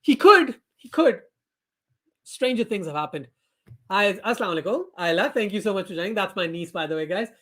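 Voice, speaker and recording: A young man with a high voice hosts a live cricket watchalong stream. He commentates on the play in a chatty, casual way and breaks into excited shouts when a wicket falls. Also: a little fast. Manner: chatty, reads viewer comments aloud, bursts into excited shouts. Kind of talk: live commentary and chat reading.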